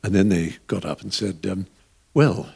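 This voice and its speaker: Here the voice sits low and is creaky, husky and warm, with fairly even intonation and a fairly quick pace. The speaker, an Englishman in his sixties appearing on a podcast taped live in a pub before an audience, meanders through anecdotes, restarting and chuckling often.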